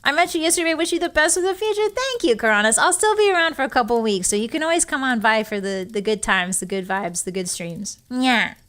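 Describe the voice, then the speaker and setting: A young woman hosts a relaxed livestream in a bright, high voice. She is giggly and playful, and she thanks her viewers warmly while trying not to cry. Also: fairly quick, hardly any pauses. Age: young adult. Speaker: virtual streamer. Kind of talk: casual livestream chat.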